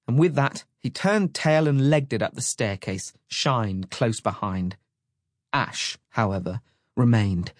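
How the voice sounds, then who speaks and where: A man narrating an adventure story in a measured, dramatic storytelling manner. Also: fairly low pitch, darkish tone, no echo, studio quality. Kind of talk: audiobook narration.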